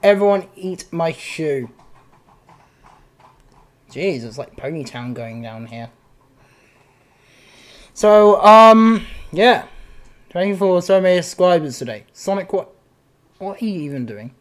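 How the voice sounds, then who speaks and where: A young man with a high voice that leaps all over the place, hosting a casual gaming video. He talks in a goofy, playful way and keeps breaking into silly voices. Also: animated, slow, pauses often. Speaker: channel host.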